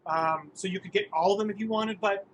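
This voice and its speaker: A man running a tabletop game as game master, talking in halting bursts with many restarts. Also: high voice, slight background noise, poor audio.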